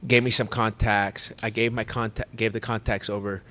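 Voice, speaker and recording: Guy on a podcast, lowish voice, rambling story with lots of restarts. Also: flat delivery, normal speed, pushed and bright. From United States. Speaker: podcast host. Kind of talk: casual storytelling chat.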